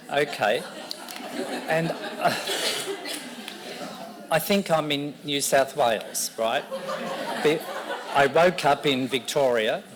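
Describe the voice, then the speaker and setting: A man giving a lecture on reading to a live audience in a lecture room, teasing and animated as he talks. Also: a little high, takes it slowly, long pauses, crowd noise. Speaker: education speaker.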